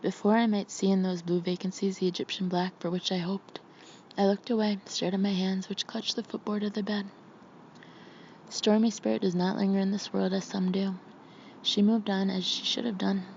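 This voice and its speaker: A woman reads an audiobook in a steady, measured way, with a gravelly texture to her voice. Her delivery stays flat, without much rise and fall. The recording sounds slightly muffled, with a faint hum underneath. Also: medium pitch. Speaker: audiobook narrator. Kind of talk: audiobook narration.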